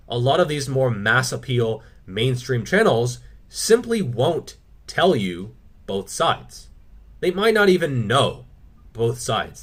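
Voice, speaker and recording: Blunt, foul-mouthed man answering questions. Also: mid-range voice. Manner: blunt and opinionated, swears freely. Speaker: fitness channel host answering viewer questions. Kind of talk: casual Q&A monologue.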